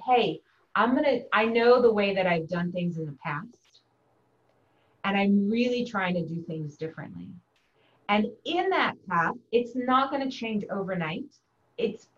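A woman guest, a family doctor, speaking in a soft, reflective and measured way in calm conversation. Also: medium pitch, dull audio. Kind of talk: calm conversational podcast talk.

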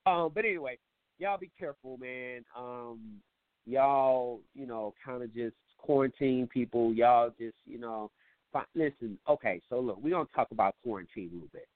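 A man's voice: mid-range voice, normal speed, no echo. A man hosting a call-in show, rambling and joking with lots of swearing. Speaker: show host. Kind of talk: comedic call-in show monologue. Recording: tinny phone-like line, dry.

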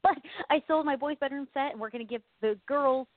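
Co-host, woman: bubbly and rambling, a bit high, worn out, heard over a dry tinny phone line. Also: a little fast, no echo. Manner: bubbly, laughs often, rambling. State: stressed and exhausted. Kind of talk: casual chat.

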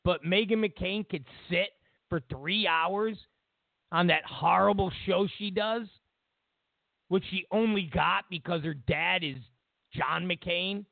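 A man's voice: sits high, slow, creaky, dry recording. Male talk radio host, mocking rants, dry and phone-thin sound. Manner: ranting, mocking, repetitive. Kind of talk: talk radio political commentary. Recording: tinny phone line, dry.

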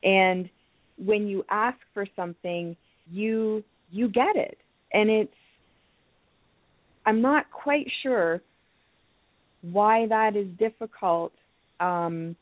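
A gentle, hesitant woman from Canada, pausing often and restarting her sentences as she explains. She comes through a thin, tinny phone line with a dry, close sound. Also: medium pitch, dry recording. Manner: soft-spoken, hesitant, many ums and restarts. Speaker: crystal healing teacher. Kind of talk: phone-in talk show guest.

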